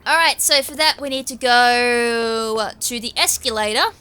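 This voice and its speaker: A woman's voice: on the high side, unhurried, bright, forceful tone, clear, resonant tone. A young Australian woman giving rambling, self-deprecating let's-play commentary as a gaming YouTuber.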